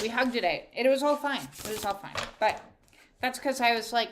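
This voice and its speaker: A woman's voice: medium pitch, a little fast, heavy background noise. A woman speaking as an intuitive counsellor, giving a heartfelt spiritual guidance talk with emphatic repetition.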